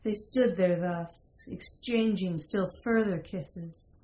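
A woman reading a fantasy romance aloud as a narrator, in a slow, measured way. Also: on the low side, darkish tone. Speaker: story narrator. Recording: roomy, slightly dull recording.

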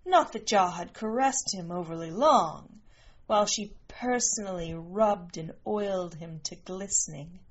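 A woman reading a story aloud in a slow, measured storytelling voice. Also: mid-range voice, slightly rough. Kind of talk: storybook narration. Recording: muffled lo-fi recording.

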